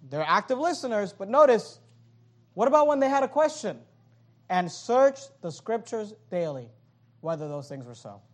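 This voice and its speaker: Preaching with a bright, high-pitched voice, this male pastor is lively and full of jokes. He briefly acts out other people's voices in quick asides before picking up his numbered points again.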